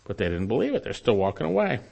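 A man pastor preaching a sermon in an earnest style, climbing in pitch on emphatic points and falling low and quiet on asides. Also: huge pitch swings, fast, vocal fry.

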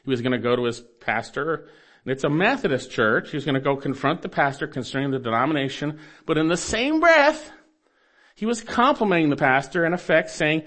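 Male pastor, slightly high voice, emphatic sermon delivery that repeats key lines. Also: animated, brisk. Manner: emphatic preaching, repeats key phrases, swings loud and soft.

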